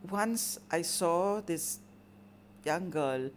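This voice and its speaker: A woman telling a story dramatically and with measured delivery. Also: lowish voice, animated, a little hiss or hum. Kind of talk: oral storytelling performance.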